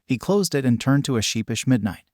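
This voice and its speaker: A man narrating a story in a steady, even reading voice. His pitch sits in an ordinary middle range. The recording is dry and close, with no room sound. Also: a little fast, no echo.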